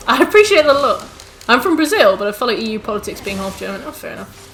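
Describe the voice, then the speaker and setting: An English game streamer, a young woman with a slightly high, bright voice, chats very animatedly with her live-stream chat while gaming. She rants, swears, and tosses off quick asides to chat, with faint music playing behind her.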